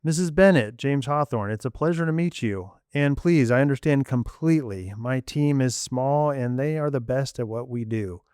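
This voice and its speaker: Man reading a calm, reassuring professor. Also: medium pitch, moderate pace, hardly any pauses, clean tone, no room sound, clean studio sound, close to an everyday voice. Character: reassuring discreet male academic team leader. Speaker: student reader. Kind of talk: amateur story reading.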